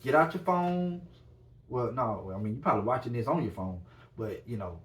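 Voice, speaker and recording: A man's voice: medium pitch, big pitch swings, brisk, distant mic. A man hosting a podcast in casual solo chat, hyped and repetitive, full of slang and constantly addressing his viewers. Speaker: podcast host.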